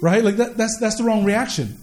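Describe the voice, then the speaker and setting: High-voiced man preaching casually. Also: brisk, darkish tone. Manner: conversational preaching, repeats words, asks the listeners questions. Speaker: pastor. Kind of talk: sermon.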